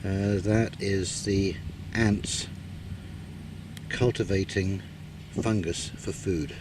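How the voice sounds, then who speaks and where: Low-voiced guy chatting outside in his garden, lots of uhs, faint outdoor noise behind him. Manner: rambling, many "uh" pauses, relaxed storytelling. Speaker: gardening vlogger. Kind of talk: casual gardening walkthrough.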